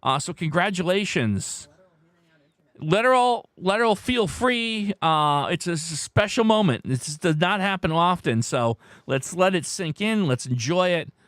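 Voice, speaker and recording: A man hosting a live word-game stream, reading out viewers' guesses in an excitable way, his voice worn hoarse. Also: high-pitched, unhurried, no room sound, clean studio sound. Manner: animated, excitable, shouts "No!" at wrong guesses. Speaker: livestream host.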